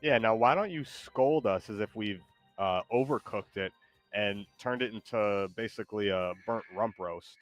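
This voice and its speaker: A man hosting a casual stream, talking in a hesitant, rambling way with lots of pauses. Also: fairly low pitch, dry recording, soft background music. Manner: hesitant, rambling, many ums. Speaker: streamer host.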